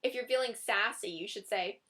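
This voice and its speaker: A woman's voice: mid-range voice, normal speed, bright, forceful tone. A young woman giving dating advice in a casual, chatty vlog, often giggling and reading out sample text messages.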